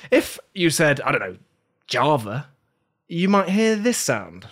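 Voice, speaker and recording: A man's voice: fairly high pitch, big pitch swings, moderate pace, a bit bright. A man hosting a podcast game show in a playful, jokey way. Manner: playful, jokey, self-mocking.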